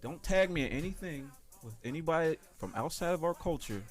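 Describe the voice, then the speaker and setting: A man co-hosts a laid-back chat with a fairly high, animated voice. His stories come out blunt and profane. Faint music sits behind him. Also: a little fast. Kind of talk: casual chat.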